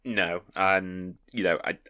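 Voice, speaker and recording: Deep-voiced young podcast co-host. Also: male voice, steady tone, slow pace, pushed and bright, no room sound, clean studio sound. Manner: laughs easily, stumbles and repeats words. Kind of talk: casual chat.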